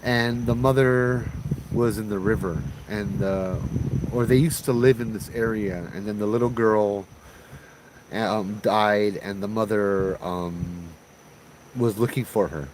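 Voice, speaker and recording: A man's voice: lowish voice, steady tone, takes it slowly, background noise. A man from Hawaii telling a ghost story in a laid-back, chatty way, using slang and laughing often.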